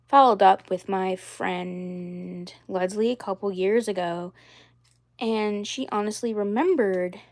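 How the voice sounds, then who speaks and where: A young adult woman talking casually about her doll collection in a rambling, repetitive way with many fillers. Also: medium pitch.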